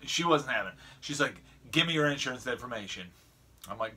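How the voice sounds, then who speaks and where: Bright-voiced middle-aged man rambling a story. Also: mid-range voice, animated, a little fast, slightly rough. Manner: rambling with many restarts and chuckles. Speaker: vlogger. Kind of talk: casual storytelling vlog.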